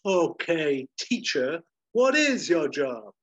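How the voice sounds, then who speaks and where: A man voicing a brash, self-assured cowboy hero with an emphatic, drawn-out delivery. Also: on the high side, very animated, a bit bright, breathy edge, voice pushed up, heavily acted. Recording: slightly dull lo-fi recording.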